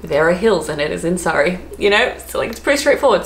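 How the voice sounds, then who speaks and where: A woman's voice: mid-range voice, expressive, a little fast, slight background noise. A woman with an Australian accent chatting to camera as a travel vlogger, giggly and full of "like" fillers. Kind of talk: casual chat to camera. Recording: roomy echo.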